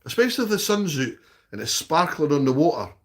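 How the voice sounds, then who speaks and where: A man's voice: a little high, very animated, quick pace. A man with a Scottish accent chatting casually on a live stream, reading out and answering viewers' comments in a blunt, sweary way and often tagging "okay?" onto his sentences.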